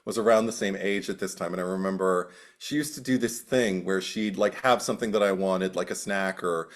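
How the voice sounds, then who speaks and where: A man co-hosting a film podcast in casual chat, animated and laughing often, jumping into high put-on voices. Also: a little fast. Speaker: podcast co-host.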